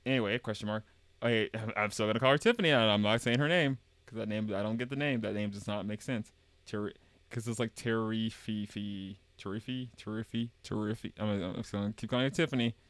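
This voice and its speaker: A man's voice: on the low side, fast, fairly bright tone, no room sound. A man on a live stream reading game dialogue aloud and commenting on it wryly, often stumbling and correcting himself.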